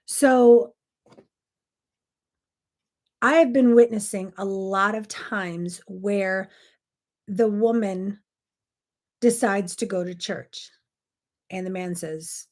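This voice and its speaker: A woman's voice: mid-range voice, a little mellow. Earnest woman hosting a faith talk. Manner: earnest and direct, acts out quoted spouses in quick little voices. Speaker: host of a morning devotional video. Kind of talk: casual faith talk to camera.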